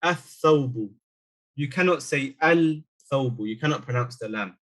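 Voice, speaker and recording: A man teaching an online Arabic lesson, explaining step by step and slowly repeating example words. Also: medium pitch, animated, fairly bright tone.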